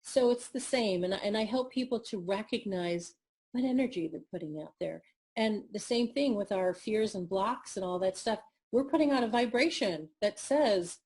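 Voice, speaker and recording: A woman speaking as a guest mindset coach in an interview, talking in an animated, emphatic way and acting out examples as she explains. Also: medium pitch, normal speed. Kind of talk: interview conversation.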